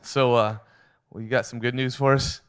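A man leading a church meeting, slow and encouraging as he calls someone up to share. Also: mid-range voice, flat delivery, clear, resonant tone. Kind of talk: sermon.

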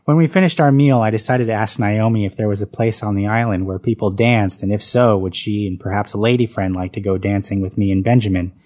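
A man's voice: fairly low pitch, fairly quick, hardly any pauses, darkish tone. A man reading his own autobiographical story aloud, with dry comic timing.

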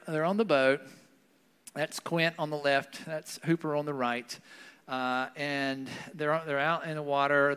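A pastor with a fairly high-pitched, somewhat bright, clean-toned male voice preaches a conversational sermon in a church hall. He has a Southern US accent and often tacks on "right?" as he talks. The recording has long hall reverb.

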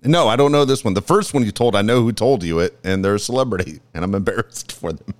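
A radio co-host in loose chat, his low voice swinging up and down as he reacts. He laughs easily and jumps in with quick comments. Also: lively intonation, slight background noise.

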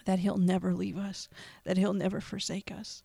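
A podcast host making an emotional, earnest gospel appeal in a preacherly way, with pauses and repetition. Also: medium pitch, flat delivery, gravelly, warm tone, dry recording.

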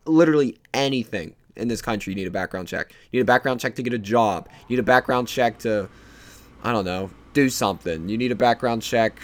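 Speaking briskly at a medium pitch, a young man hosts his podcast with casual, meandering chatter. His loose thoughts are packed with fillers.

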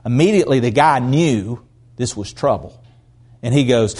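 A man preaching a sermon in a folksy, animated storytelling manner. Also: mid-range voice, moderate pace, slightly rough.

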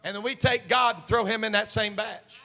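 High, bright-voiced preacher in a big church. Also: male voice, fairly even intonation, normal speed. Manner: swings from quiet talk to shouted preaching; call-and-response with congregation. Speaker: senior pastor. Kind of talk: sermon. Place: church sanctuary. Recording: long reverb of a church hall.

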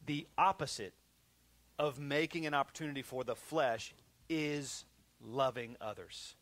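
A man preaching a sermon in a lively, conversational way, acting out people's excuses as he goes. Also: mid-range voice, unhurried. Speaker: pastor.

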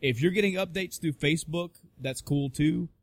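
A young man co-hosting a casual podcast, telling swearing, animated stories and mimicking people. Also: moderate pace, dry recording. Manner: profane, animated storyteller, mimics others in high voices. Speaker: podcast co-host.

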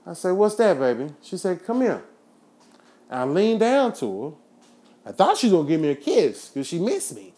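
A man hosting his own show, ranting in a profane, preachy monologue that flares into shouting. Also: sits high, very animated, brisk. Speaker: podcast host.

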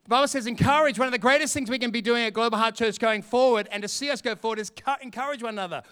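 High, bright preacher. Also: male voice, racing, hardly any pauses, clean tone. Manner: animated, humorous, acts out quotes. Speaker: pastor. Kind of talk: sermon.

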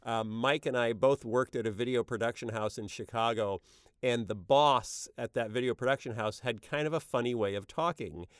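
Middle-aged man, smooth tone, dry close sound, animated casual storyteller. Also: mid-range voice, normal speed, dry recording. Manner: animated, slips into character voices while telling stories. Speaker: animation creator being interviewed.

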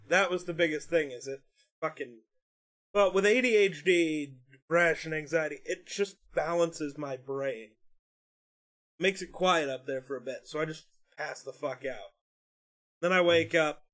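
A young man, a streamer co-hosting a podcast, speaks in a voice on the high side, a bit bright and unhurried. The casual chat is blunt, and he swears freely while ranting about his pet peeves.

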